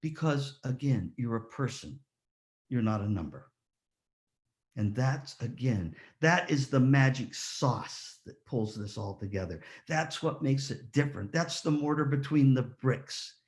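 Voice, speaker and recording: Male ceremony speaker, mid pitch, storyteller who acts out quotes and keeps asking the crowd "yeah?". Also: unhurried. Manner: lively storyteller, rhetorical questions, acts out quotes. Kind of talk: motivational speech with stories.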